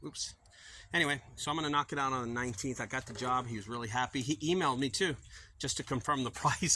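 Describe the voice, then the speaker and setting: A middle-aged man who runs a junk removal business talks casually to the camera outdoors in a vlog, playing both sides of a sales conversation. His mid-range voice moves fast, with noise in the background.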